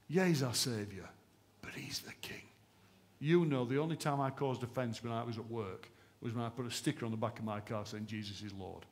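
A man preaching to his congregation. His sermon builds with fervent, rhythmic repetition, and his pitch sits in an ordinary middle register. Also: fairly quick. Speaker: pastor. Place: church service.

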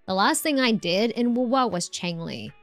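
A woman's voice: fairly high pitch, expressive, moderate pace, soft background music. A woman live-streaming a game, chatting casually and answering her chat with lots of fillers and restarts.

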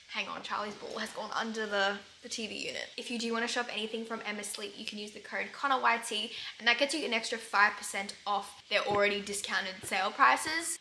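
A young Australian woman chatting casually in a home vlog, bubbly and quick to exclaim. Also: a little high, sharp tone, roomy sound, a little hiss or hum. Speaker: vlogger. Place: room at home.

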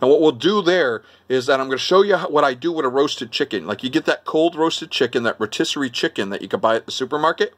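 A man's voice: medium pitch, lively intonation, fast, hardly any pauses. Rambling older man with Brooklyn accent. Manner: rambling, chatty, lots of fillers and self-interruptions. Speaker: vlogger. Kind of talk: casual cooking vlog.

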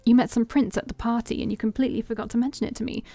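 Woman doing an excitable, nosy young friend. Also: fairly high pitch, rapid-fire, creaky, soft background music, voice pushed up. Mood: eager. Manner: eager and prying.

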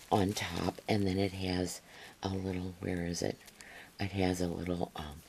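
A woman's voice: a bass voice, a little mellow, slight background noise. A woman crafter showing handmade gifts to camera in a casual unboxing chat, gushing and rambling with many fillers.

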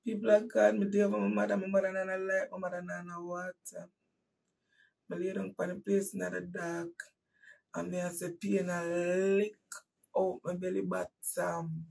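A woman with a Jamaican accent and a husky voice preaching to her listeners as she tells a painful personal story with emphatic repetition, swinging from hushed to loud. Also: fairly low pitch, little pitch movement, moderate pace, distant mic, low-quality recording. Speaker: host and preacher.

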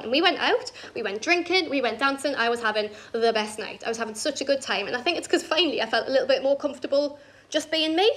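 A woman's voice: high voice, lively intonation, fairly bright tone. A young woman doing a brash, sweary stand-up comedy set on a club stage, talking into a handheld mic. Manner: brash, swearing, quick storytelling with punchy asides.

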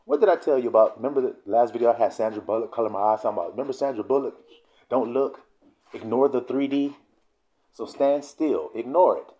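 A man teaching from the Bible, who reads verses slowly and then explains them in blunt, profane slang. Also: medium pitch, warm tone. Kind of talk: casual scripture teaching video.

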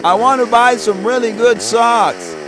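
A man voicing an excited, stubborn little girl in a storybook reading, high and insistent. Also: measured pace, noisy background, exaggerated voice. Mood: eager.

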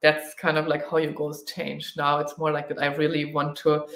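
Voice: mid-range voice, completely flat delivery, moderate pace, gravelly, a bit bright, roomy sound. A travel vlogger with a German accent, chatting through a live Q&A, thinking aloud and laughing readily. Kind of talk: live Q&A chat.

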